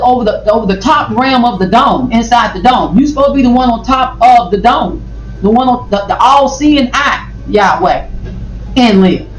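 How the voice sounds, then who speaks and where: Reaction commentator: rambling, emphatic, repeats lines for effect; mic set back in an echoey room. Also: mid-range voice. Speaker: video commentator. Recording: roomy, distant mic, faint noise.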